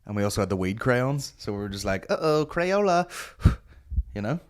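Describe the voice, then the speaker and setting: A Northern Irish man hosting a comedy podcast, telling stories in a sweary, animated way. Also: fairly low pitch, fairly quick. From Northern Ireland. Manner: sweary, animated storytelling with put-on voices. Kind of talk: casual chat.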